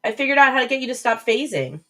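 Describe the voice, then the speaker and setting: Chatting on her live stream, this woman reads comments from chat aloud and rambles, often starting over. Her voice is a little high and fairly bright, fast with big pitch swings, and a webcam mic set slightly back from the screen gives a distant, rough recording.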